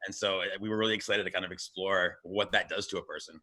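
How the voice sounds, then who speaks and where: A man guest on a video-call interview, talking in an animated way and often repeating words as he gets going. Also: low voice, fast. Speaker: game writer and interview guest.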